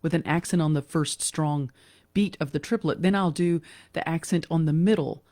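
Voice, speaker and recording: A woman giving a casual online piano lesson, talking in a relaxed, chatty way with fillers and self-corrections. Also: sits low, moderate pace, dry recording, studio quality. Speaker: piano teacher. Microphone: computer mic during a screen share.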